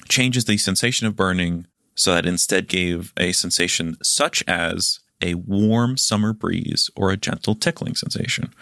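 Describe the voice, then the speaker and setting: A man co-hosting a casual book discussion podcast, talking haltingly with frequent pauses and restarts. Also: low-pitched, gravelly, fairly bright tone, no echo, clean studio sound. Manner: halting, many fillers and restarts. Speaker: podcast co-host.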